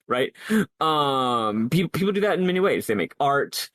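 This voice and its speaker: A podcast co-host talks earnestly and at length about a game, thinking aloud and restarting his sentences often. His medium-pitched voice is animated and fairly bright, moving at a measured pace. The recording is clean studio sound with no room sound.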